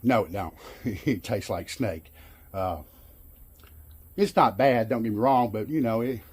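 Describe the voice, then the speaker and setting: Middle-aged man, Arkansas drawl, husky, folksy, rambling, casual DIY vlog. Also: on the low side, unhurried. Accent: Arkansas Southern. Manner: folksy, rambling, self-amused. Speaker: vlogger.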